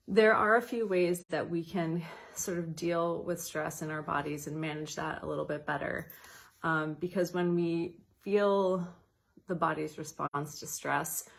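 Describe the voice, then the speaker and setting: Chatty woman with a gravelly low voice. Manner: chatty, laughs lightly, guides slow counted breathing. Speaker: educator. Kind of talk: casual wellness talk.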